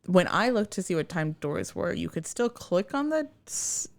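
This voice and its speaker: A woman's voice: fairly low pitch, sing-song, normal speed, vocal fry. A woman co-hosting a podcast, chatting casually, hesitant and mostly giving short replies. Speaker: podcast co-host. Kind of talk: casual chat.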